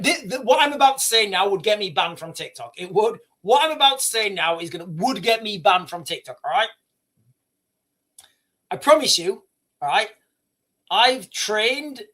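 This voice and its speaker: A man's voice: high-pitched, pushed and bright. A man hosting a livestream, reading a news article aloud and commenting on it emphatically, often repeating himself and stumbling over words. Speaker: livestream host.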